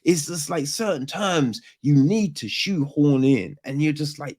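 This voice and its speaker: A man's voice: on the high side, sing-song, unhurried, few pauses, darkish tone. A man hosting a podcast, ranting casually about a film in a profane, rambling way with lots of slang and restarts. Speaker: podcast host. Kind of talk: casual film review rant.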